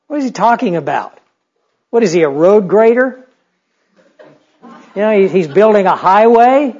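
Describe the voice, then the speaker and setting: A man's voice: high-pitched, animated, moderate pace, darkish tone. A male pastor preaching a sermon in a conversational, humorous way, full of rhetorical questions. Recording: dull lo-fi recording.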